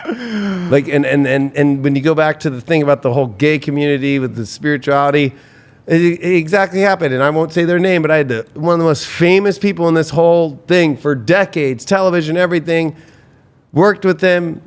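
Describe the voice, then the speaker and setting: A man's voice: on the high side, fairly quick, smooth. A man, a tarot reader, telling stories in a rambling, profane way on a casual podcast, full of restarts.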